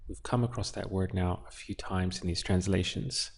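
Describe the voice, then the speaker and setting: Low gravelly guy teaching spanish, slow and patient, walks through each word. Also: fairly even intonation. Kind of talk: relaxed language lesson.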